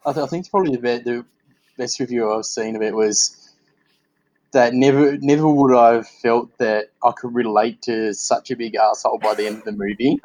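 A man's voice: medium pitch, fairly even intonation, moderate pace, darkish tone, poor audio. A man hosting a casual podcast interview, chatting candidly and swearing and laughing freely. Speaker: podcast host.

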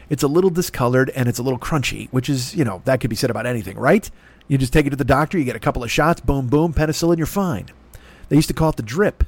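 A middle-aged podcast host rambles through a profane, self-deprecating comedy monologue. His mid-range voice sounds rough in the throat and stuffy in the nose.

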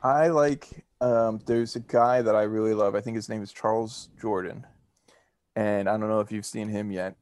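A man's voice: lowish voice, steady tone, moderate pace, darkish tone, dry recording. A man co-hosting a podcast, telling stories in a loose, rambling way full of fillers and laughs. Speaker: podcast co-host. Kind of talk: casual chat.

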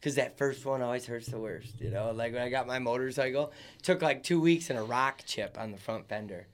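A man's voice: medium pitch, a little fast. A young man co-hosting a podcast, telling stories bluntly with plenty of swearing and laughter. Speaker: podcast co-host. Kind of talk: casual chat.

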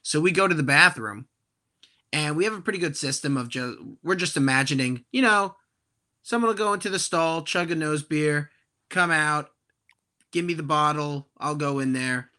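Bright, profane young man telling stories. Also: a little high, moderate pace. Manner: profane, animated, exasperated. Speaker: podcast guest. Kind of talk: comedic storytelling on a podcast.

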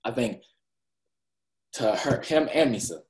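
A man's voice: medium pitch, expressive, measured pace, a crowd in the background. A man co-hosting a casual chat, rambling as he retells scenes and acts out characters' lines. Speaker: podcast co-host. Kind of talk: casual chat recapping an anime. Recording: echoey room.

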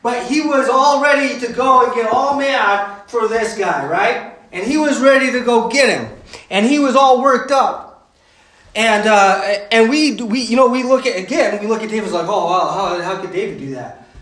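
A man's voice: extremely high pitch, normal speed, fairly bright tone, reverberant, rough recording. A man preaching a sermon in a conversational way, full of fillers and "right?" asides. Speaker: pastor.

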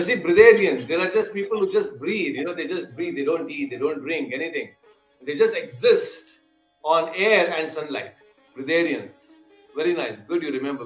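Male spiritual teacher with a slightly high voice, lecturing on scripture and quizzing listeners. Echoey room, faint sitar music behind. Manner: explanatory, quizzes listeners, repeats key terms.

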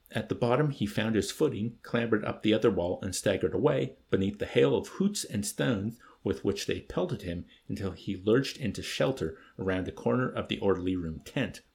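Brief: male audiobook narrator, lively delivery, gravelly texture. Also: fairly low pitch. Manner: expressive, dry storytelling. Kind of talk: audiobook reading.

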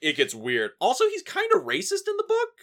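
A man's voice: very high voice, wildly swooping pitch, brisk, vocal fry, bright, forceful tone. A man hosting a podcast, talking about a film in a casual, rambling way with lots of fillers and swearing. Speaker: podcast host.

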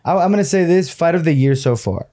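A man's voice: on the high side, animated, fast talker, warm tone. A man co-hosting a podcast who chats casually about fights, swears freely and slips words into his talk. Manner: swears a lot, drops into Spanish words. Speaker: podcast co-host.

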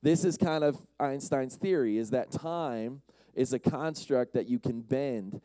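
A youth speaker gives a casual, conversational sermon to a live audience, often asking the crowd questions and acting out quotes. His warm, medium-pitched voice moves at a measured pace, with no echo.

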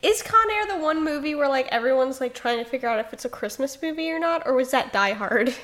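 A woman's voice: high voice, lively intonation, quick pace, fairly bright tone. A woman hosting a casual podcast, bantering, laughing often and swearing freely. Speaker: podcast host.

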